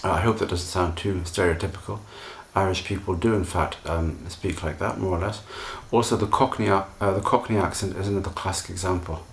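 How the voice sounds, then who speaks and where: Deep-voiced pronunciation teacher. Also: male voice, steady tone, vocal fry. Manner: measured, reassuring explanations. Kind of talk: solo video lesson.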